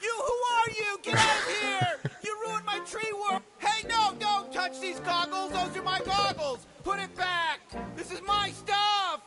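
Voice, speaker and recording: A squealing, unhinged tree dweller shrieks at intruders in an extremely high, strained voice and swears at every turn. It comes through as game audio with a loud soundtrack playing behind. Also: male voice, measured pace, music in the background. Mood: furious. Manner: screams possessively, swearing constantly. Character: shrieking territorial tree-dwelling man, furious. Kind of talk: comedy video game voice acting.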